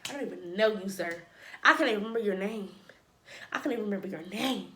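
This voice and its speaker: Animated woman telling a story in an echoey room. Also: medium pitch, quick pace, slight background noise. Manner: animated, dramatic asides and playful sound effects. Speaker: storytime vlogger. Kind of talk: casual storytelling.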